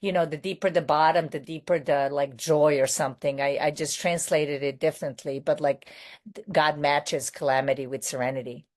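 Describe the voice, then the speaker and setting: A woman's voice: deep voice, steady tone, normal speed. A woman with a non-American accent, raised in New York City, giving a candid personal share at a recovery meeting, rambling and correcting herself with many fillers.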